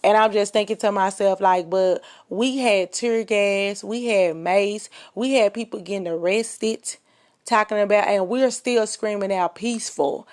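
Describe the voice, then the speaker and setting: Woman, 30s, podcast host, emphatic casual monologue, fillers, mid-pitched voice. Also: a little slow. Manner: impassioned, emphatic, frequent fillers.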